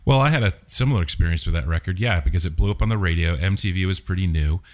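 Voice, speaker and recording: A middle-aged man hosting a casual music conversation, measured and reflective, asking follow-up questions. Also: sits low.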